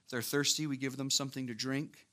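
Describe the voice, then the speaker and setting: A man preaching a sermon, walking through scripture with lively, casual asides and acted-out voices. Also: mid-range voice, quick pace. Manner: animated, acts out voices of biblical figures with casual asides.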